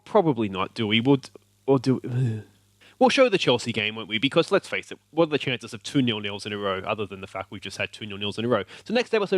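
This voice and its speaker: Australian male let's-play host, mid-pitch, lively game commentary, cheers at the screen, dry close sound. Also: no echo. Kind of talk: excited gameplay commentary.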